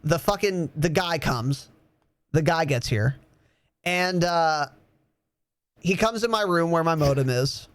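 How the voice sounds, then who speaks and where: Young male podcast host with an animated, laughing storytelling style, slightly high pitch, dry close sound. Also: slow pace, long pauses, no echo. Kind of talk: casual storytelling.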